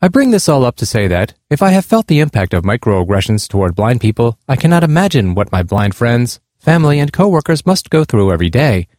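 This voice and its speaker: A man's voice: medium pitch, very animated, brisk, few pauses, darkish tone, no echo, clean studio sound. Earnest man reading a true account. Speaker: narrator. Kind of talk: reading a nonfiction account aloud.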